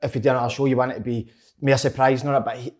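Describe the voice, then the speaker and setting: A man's voice: medium pitch, level tone, racing. A Scottish man in podcast banter, effusive and stumbling over his words, calling everyone mate. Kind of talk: casual banter.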